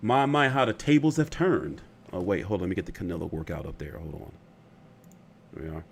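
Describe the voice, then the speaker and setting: A man's voice: low voice, fairly quick, vocal fry, breathy edge. A man hosting casual boxing commentary, rambling and opinionated, often profane.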